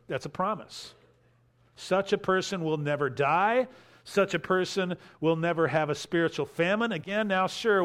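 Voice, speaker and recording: Male pastor, fairly high voice, emphatic sermon delivery with loud stresses and soft asides. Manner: emphatic, repeats key phrases, swings between loud stresses and quiet asides. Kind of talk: expository sermon.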